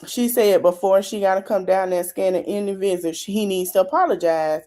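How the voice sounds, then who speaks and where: A woman's voice: medium pitch, a little fast, dark tone. A woman hosting a podcast, casually recapping a reality show, retelling what people said and adding her own commentary. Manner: chatty storytelling, retelling dialogue with commentary. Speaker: podcast host.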